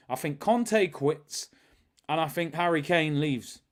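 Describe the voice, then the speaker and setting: A man's voice: a little high, slow pace. A man hosting a live football watch-along stream, chatting casually, reading viewer messages aloud and calling the match action. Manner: chatty, reads out viewer super chats, excited match calls.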